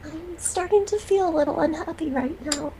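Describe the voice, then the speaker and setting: A woman's voice: very high voice, moderate pace, a crowd in the background. A woman voicing a nervous, timid female pony mayor in a fan story reading.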